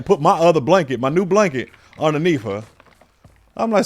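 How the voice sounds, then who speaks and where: A man co-hosting a podcast, telling a comic story in casual, profane chat and jumping high when he quotes himself. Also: a little fast. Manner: animated, profane, jumps to high pitch when quoting himself. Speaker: podcast co-host.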